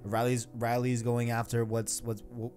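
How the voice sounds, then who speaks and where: A man's voice: medium pitch, monotone, normal speed, a little mellow, faint music behind. A man hosting a casual podcast, rambling with lots of fillers and laughing at himself. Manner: rambling, self-deprecating, laughs often. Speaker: podcast host. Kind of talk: casual podcast chat reading a comic aloud.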